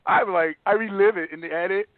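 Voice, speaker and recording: A man chatting as a comedian guest, animated and laughing often, often trailing off and restarting mid-sentence. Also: sits high, brisk. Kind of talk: casual phone interview chat. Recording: tinny phone line.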